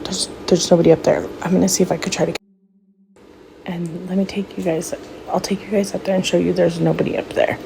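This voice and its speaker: A woman's voice: fairly low pitch, flat delivery, fast, gravelly, dark tone, a little hiss or hum, poor audio. Frightened middle-aged woman filming at home. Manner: frightened, panicky, repeating herself. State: scared, teary-eyed. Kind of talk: amateur home video. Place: house, indoors, upstairs hallway and rooms. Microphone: handheld phone camera.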